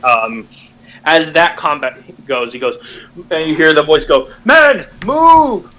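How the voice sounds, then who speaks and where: Halting male game master, bright voice. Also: fairly high pitch, rough recording. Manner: halting, many fillers and restarts. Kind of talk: narrating a tabletop game.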